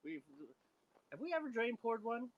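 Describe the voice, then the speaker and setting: A woman co-hosting a homebrew show, chatting casually on a live stream, animated and teasing with frequent laughs. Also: a little high, normal speed, dull audio.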